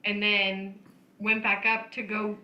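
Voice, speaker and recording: A woman's voice: medium pitch, flat delivery, slow, highs cut off. A woman co-hosting a podcast, chiming in with laughter during a casual chat. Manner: laughing, chiming in on a shared story. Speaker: podcast co-host. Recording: roomy echo, faint background noise.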